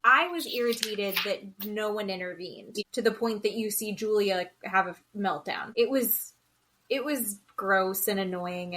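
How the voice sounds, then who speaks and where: A woman's voice: medium pitch, a bit bright. A woman co-hosting a casual podcast, giving exasperated, emphatic opinions on a reality show. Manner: opinionated and exasperated, speaks in emphatic repeated phrases. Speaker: podcast co-host.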